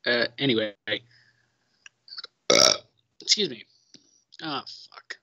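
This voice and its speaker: Chatty man streaming, lively and bright. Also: mid-range voice, slow, gravelly, husky, no echo. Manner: chatty, swears, laughs, talks to a co-host off mic. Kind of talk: casual live-stream chat.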